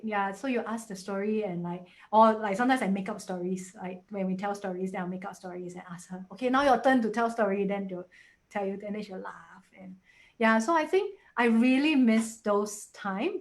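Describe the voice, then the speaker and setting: Chatty Singaporean woman, animated. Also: mid-range voice. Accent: Singaporean English. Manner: chatty, animated, with quoted voices. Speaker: guest. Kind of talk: casual webinar conversation.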